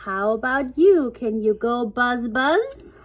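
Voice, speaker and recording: Young mother, picture-book read-aloud, high and bouncy, slow and sing-song, plays up the sounds. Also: sing-song. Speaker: parent reading to her child.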